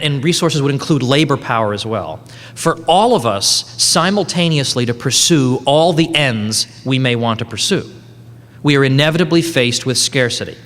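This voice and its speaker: A man's voice: on the high side, a bit bright. Man lecturing in a reverberant hall. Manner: conversational, joking, self-correcting. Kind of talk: conference lecture. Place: conference hall.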